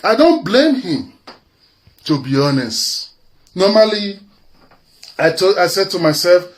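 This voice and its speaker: A man's voice: high voice, expressive, measured pace, pauses often. A Nigerian man with an Edo accent, delivering an impassioned, scornful live-video rant that slips into Pidgin. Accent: Nigerian, Benin (Edo). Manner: mocks others in put-on quoted voices. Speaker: social media commentator.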